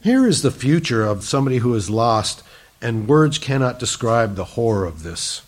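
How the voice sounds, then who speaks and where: A middle-aged male pastor preaching a sermon, earnest, shifting between emphatic lines and soft, hushed ones. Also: mid-range voice, sing-song, moderate pace. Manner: earnest, swings from loud emphasis to hushed softness.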